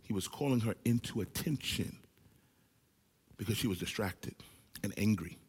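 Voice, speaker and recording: A male pastor preaching a sermon to a small church gathering, with animated delivery that swings between loud and hushed. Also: fairly low pitch, normal speed, husky, in a large hall. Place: small church service with few people present.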